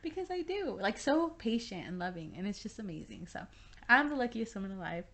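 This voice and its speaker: A woman's voice: mid-range voice, lively intonation, a little fast, bright, forceful tone. A young woman co-hosting a podcast in casual chat, chatty and giggly, with lots of fillers. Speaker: podcast co-host.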